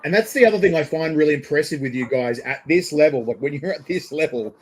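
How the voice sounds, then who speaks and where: Male interviewer, high-ish, animated, tells stories with acted-out quotes. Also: quick pace, a little hiss or hum, rough recording. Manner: animated storyteller, acts out quotes with big laughs. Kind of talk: casual interview chat.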